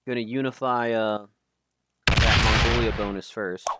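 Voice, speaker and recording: A man's voice: fairly low pitch, steady tone, unhurried. A man casting a live game tournament stream in a casual, chatty way, often stumbling over names. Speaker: tournament caster. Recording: loud background noise.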